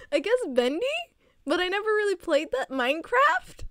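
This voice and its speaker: Teen girl streamer rambling and giggling, slow easy pace, dry close mic. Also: very high voice, fairly bright tone, no echo. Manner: giggly, rambling, laughs often. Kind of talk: casual stream chat.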